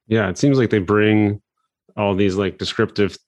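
A man's voice: lowish voice, fairly even intonation, normal speed, darkish tone, no echo. A man hosting an interview, asking casual, curious questions.

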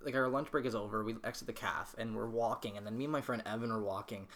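A young man co-hosting a podcast, telling a story in an animated way, swearing freely and laughing as he talks. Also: fairly low pitch, quick pace. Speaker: podcast co-host.

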